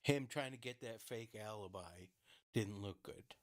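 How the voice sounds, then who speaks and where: A man's voice: lowish voice, unhurried. A man talking through a true-crime case in casual solo commentary, rambling with many fillers and restarts, laughing often and swearing bluntly.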